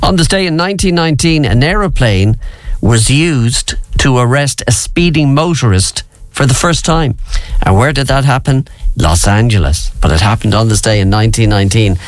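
A man's voice: medium pitch, expressive, normal speed, no echo. A man hosting a radio show, chatting casually through on-this-day facts with playful asides to the listener, speaking into a studio mic. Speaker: radio host.

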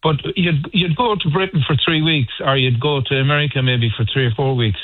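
A man chats on the radio with a slightly high voice, telling stories in halting, restarting bursts. The sound is thin and phone-like. It is dry, with no room around him. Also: dry recording. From Ireland. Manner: chatty storyteller, halting restarts. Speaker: band member guest. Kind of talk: casual radio interview. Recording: tinny phone line.

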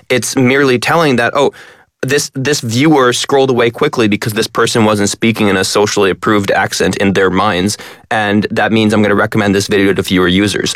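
Fast-talking man explaining in a dry studio. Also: lowish voice, fairly bright tone, dry recording. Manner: fast, analytic, stresses many words. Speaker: guest, language content creator. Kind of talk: radio interview.

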